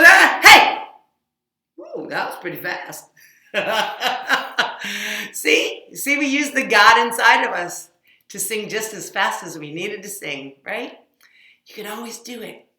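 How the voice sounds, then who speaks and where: A woman leads a children's Sunday school lesson, gently coaxing young listeners with frequent questions. Her voice is bright and clear, and it rings in an echoey room. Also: a little high, lively intonation, unhurried.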